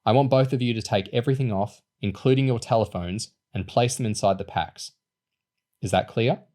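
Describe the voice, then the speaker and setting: A man's voice: mid-range voice, normal speed, dark tone, close to an everyday voice. A man voicing a sinister woman who gives cold orders over the phone.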